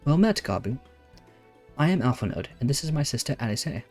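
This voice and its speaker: Man doing a formal young scholar, measured, earnest, mid pitch, faint music underneath. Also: big pitch swings, darkish tone. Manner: formal, measured speech with stumbles.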